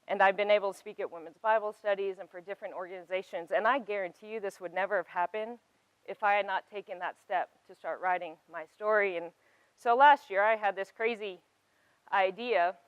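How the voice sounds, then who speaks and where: A woman's voice: medium pitch, fairly even intonation, a little fast, clean tone, no echo, highs cut off. A woman in her thirties shares a personal testimony from a stage. She speaks earnestly and with emphasis, rising to passionate peaks, and her voice sounds dry and close to the mic.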